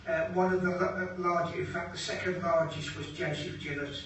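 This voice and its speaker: An older man guiding visitors around a museum, explaining in a halting way with hesitations and dry jokes. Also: fairly high pitch, fairly even intonation. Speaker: museum guide. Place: museum indoors. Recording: very echoey room from far off, background noise.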